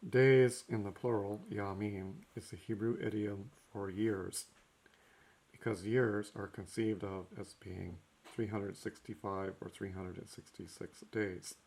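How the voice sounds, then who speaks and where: A man's voice: on the low side, fairly even intonation, measured pace, darkish tone. A man giving a recorded language lesson, working through notes methodically and marking each step with "okay". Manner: methodical, frequent "okay" between points. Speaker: teacher.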